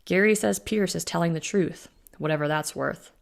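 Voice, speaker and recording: A woman reading an audiobook voices a young male werewolf who rumbles his words with a wry edge. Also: normal speed, creaky.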